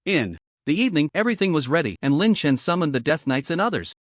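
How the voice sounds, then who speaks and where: A man's voice: a little high, very animated, fast talker, dry recording, studio quality. A man reading a recap story aloud as a narrator in scripted narration.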